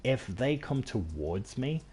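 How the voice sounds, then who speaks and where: Very animated yet slow, this English game streamer has a medium-pitched, darkish voice. He rambles casually through his gameplay, running himself down and restarting a lot, with a little hiss or hum in the recording.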